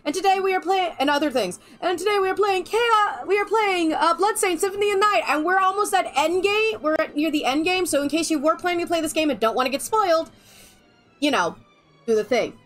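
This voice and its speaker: A woman's voice: very high-pitched, a little fast, fairly bright tone, faint music behind. A woman streaming a video game live, chatting casually with her viewers in a playful, theatrical way. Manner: playful, theatrical spooky greetings.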